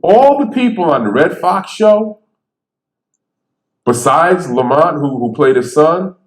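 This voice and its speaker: A man who stutters, telling stories on stage in a lively, conversational way and acting out the people he quotes. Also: fairly high pitch, slow pace, long pauses. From Bridgeport, Connecticut. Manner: animated, conversational, acts out quotes. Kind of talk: storytelling talk. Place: theater stage. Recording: echoey theater.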